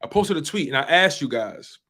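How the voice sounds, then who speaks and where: A man's voice: a little high, animated, fairly quick, sharp tone. A man hosting a fan sports talk show, speaking passionately and emphatically and repeating phrases for effect. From US East Coast.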